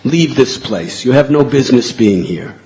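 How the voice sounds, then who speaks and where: A man voicing a stern male deity who scolds a devotee loudly and harshly. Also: mid-range voice, lively intonation, normal speed, big-room sound, close to an everyday voice. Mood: angry.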